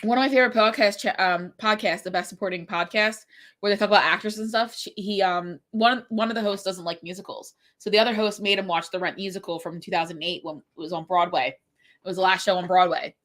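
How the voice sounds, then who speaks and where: The speaker is a woman in her forties who teaches middle school French, chatting on a home stream while doing a writing sprint. She rambles through stories full of fillers in a congested, mid-range voice that's steady, fast and slightly bright.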